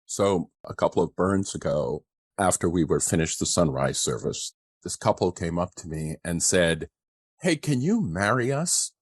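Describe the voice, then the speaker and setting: A man's voice: sits low, normal speed, breathy edge, no room sound, studio quality. A man who preaches, telling an anecdote in a wry, blunt way. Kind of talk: casual storytelling.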